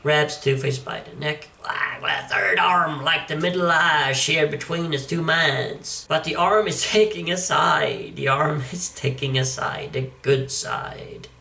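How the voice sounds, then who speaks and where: A man's voice: a little high, unhurried, creaky, hardly any pauses, bright, forceful tone. A man giving casual, wry commentary on a comic book, chuckling as he goes. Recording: echoey room, distant mic.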